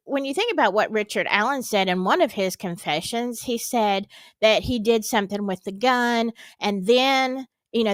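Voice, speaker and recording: American woman chatting true crime, voice jumps all over, pretty high, dry close sound. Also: no room sound. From American South. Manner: animated, emphatic, talks to the audience. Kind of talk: casual commentary to viewers.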